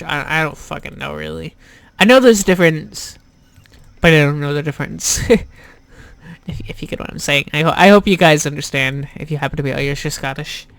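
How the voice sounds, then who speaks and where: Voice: mid-range voice, creaky, fairly bright tone, clean tone, dry recording. A YouTuber giving casual let's play commentary, rambling and self-deprecating, with plenty of swearing and restarts. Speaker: YouTuber playing a game.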